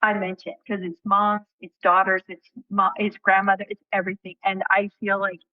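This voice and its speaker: A woman guest in an interview, telling a personal story in an animated way and acting out what people said, with casual swearing. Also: medium pitch, normal speed, dry recording, phone-quality sound.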